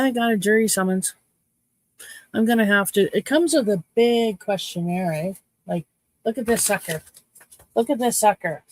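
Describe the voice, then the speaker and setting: A woman's voice: medium pitch, darkish tone. A woman in her fifties from Canada, casually chatting with her livestream viewers in a cheeky, playful way. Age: 50s. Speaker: livestream host.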